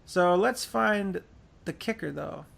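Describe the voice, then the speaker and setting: A man's voice: sits high, slow, creaky, a bit bright. A man hosting a podcast, casually reading forum posts aloud in a laid-back, profane way with lots of fillers. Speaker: podcast host.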